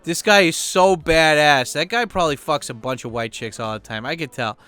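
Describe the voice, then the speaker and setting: A YouTuber speaking at home in a casual talking-head chat, rambling and profane with plenty of fillers. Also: male voice, a little high, brisk, sharp tone, clean tone.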